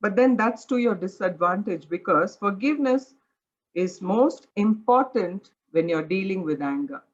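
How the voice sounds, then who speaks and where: A woman's voice: medium pitch, animated, measured pace, dull audio. A woman teaching a Bible study, earnest and direct, repeating her advice plainly.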